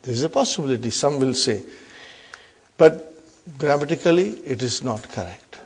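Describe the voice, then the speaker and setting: A man teaching an Arabic grammar class, slowly reading example sentences, repeating key terms and often checking that the class follows. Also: mid-range voice, expressive, breathy edge. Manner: checks understanding with frequent questions.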